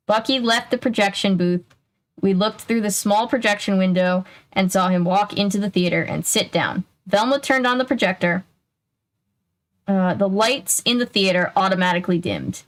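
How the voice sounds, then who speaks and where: A woman's voice: medium pitch, normal speed, rough recording. A young woman casually reading a children's mystery book aloud, breaking in with chatty asides.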